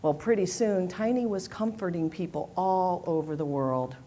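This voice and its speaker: A woman leading a worship service, telling a children's story gently, with soft repeated refrains. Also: lowish voice, animated, normal speed, slight background noise. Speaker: worship leader. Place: church sanctuary.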